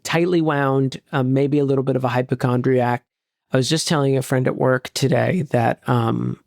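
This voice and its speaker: A young adult man co-hosting a casual film podcast, chatty and quick to interrupt himself with giggly asides. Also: mid-range voice, fairly even intonation, gravelly, a little mellow, dry recording, clean studio sound. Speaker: podcast co-host.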